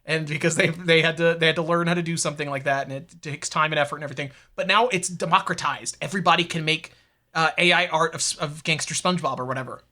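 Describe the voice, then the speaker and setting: Fast-talking bright-voiced deadpan man. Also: fairly high pitch. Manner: deadpan, rambling with many restarts. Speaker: podcast co-host. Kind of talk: satirical comedy podcast banter.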